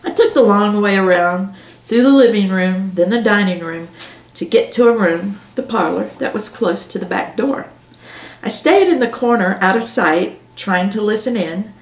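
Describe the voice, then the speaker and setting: A woman author reads her own novel aloud in a measured first-person storytelling manner. Her voice sits at a middle pitch, and the recording carries a roomy echo. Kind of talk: audiobook narration on camera.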